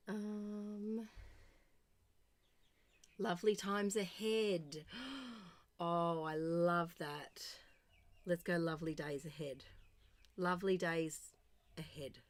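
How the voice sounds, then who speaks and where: An Australian woman in her thirties chatting casually and rambling while she crafts, murmuring to herself as she writes. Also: on the low side. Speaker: art streamer.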